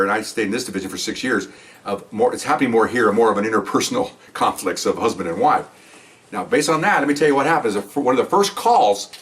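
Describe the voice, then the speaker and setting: An older man, a retired police veteran, casually telling stories from the job and acting out the voices in them. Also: far from the mic. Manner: animated, acts out quoted dialogue with higher pitch. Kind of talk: casual storytelling to camera.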